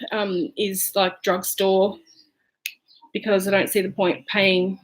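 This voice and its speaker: An Australian woman talks her way through her makeup routine in a loose, chatty ramble. She fills gaps with "um" and "like" and drifts from topic to topic at home. Her voice sits at an ordinary middle pitch for a woman. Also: slight background noise, poor audio. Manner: chatty and rambling, lots of fillers. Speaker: beauty vlogger. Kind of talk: casual makeup chat.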